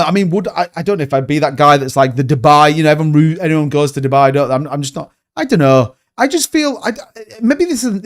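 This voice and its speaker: A man with a Yorkshire accent, chatting bluntly on a livestream and answering viewers, often repeating himself and calling people mate. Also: a little high. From Yorkshire, England. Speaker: crypto livestream host. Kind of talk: casual livestream chat reading viewer comments.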